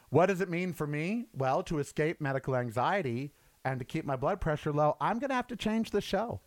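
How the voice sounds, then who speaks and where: A middle-aged man rants on his show in a high voice that leaps all over the place. He curses freely and drops from loud outbursts to low, tired asides. The sound is dry and close. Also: expressive, a little fast, dry recording. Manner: angry, profane, swinging between loud outbursts and low weary asides. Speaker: show host. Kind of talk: impassioned political rant.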